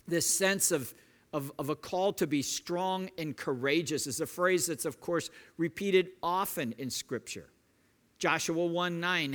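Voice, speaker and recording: Middle-aged guy preaching slow and earnest, kinda higher voice, stumbles and restarts a lot. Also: a bit bright. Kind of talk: sermon.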